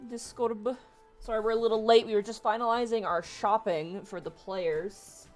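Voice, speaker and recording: A woman with a crackly voice, hoarse from a cold, hosting a tabletop game stream as game master in a brisk, wry way. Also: medium pitch, faint music behind.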